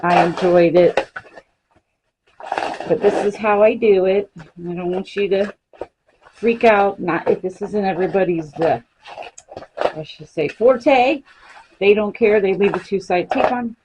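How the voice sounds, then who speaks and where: A woman's voice: mid-range voice, measured pace, long pauses, background noise. A woman chatting casually through a crafting demonstration in her home craft room, now and then talking to her pets. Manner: chatty, talks to her pets mid-task. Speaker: crafting vlogger.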